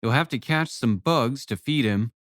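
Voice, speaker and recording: A man reading an audiobook, voicing a calm family friend in a dry, understated way. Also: mid-range voice, normal speed, dry recording, natural voice.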